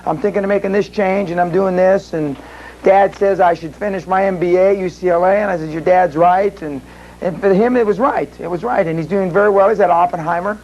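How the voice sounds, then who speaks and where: A man's voice: high voice, fairly even intonation, a little fast, lo-fi sound. A man speaking at a live seminar, telling rambling anecdotes and acting out the voices of the people he quotes. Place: seminar room with audience.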